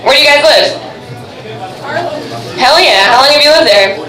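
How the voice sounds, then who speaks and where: A woman's voice: high voice, animated, moderate pace. A woman from Buffalo doing a stand-up comedy set, chatty and brash, working the crowd from a club stage. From Buffalo, New York. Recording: echoey club with audience.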